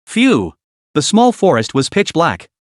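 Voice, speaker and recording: A man narrating a comic story recap in a quick, dramatic storytelling manner. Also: fairly high pitch, huge pitch swings, dry recording, clean studio sound.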